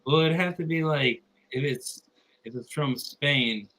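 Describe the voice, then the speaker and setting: A man's voice: on the high side, unhurried, a bit bright, poor audio. A man from Texas chatting on a livestream, rambling with lots of fillers and joking around. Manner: rambling, filler-heavy, laid-back joking. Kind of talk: casual livestream banter.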